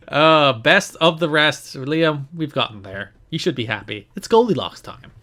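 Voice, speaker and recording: A man co-hosting a podcast in casual chat, lively and sarcastic, often laughing. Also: a little high, unhurried. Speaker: podcast co-host.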